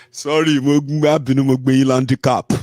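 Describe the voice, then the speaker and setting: A man's voice: medium pitch, darkish tone, no echo. A Nigerian man hosting a casual livestream, chatty, mixing in pidgin and frequent "eh" and "omo". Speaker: host.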